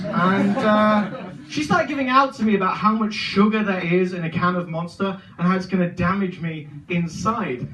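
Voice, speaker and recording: A young man with a Birmingham accent doing a deadpan, self-deprecating stand-up set in a comedy club. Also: sits high, moderate pace, dull audio, slight background noise. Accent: Birmingham English. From England. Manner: deadpan self-deprecating, many filler ums. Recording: roomy club sound from a distance.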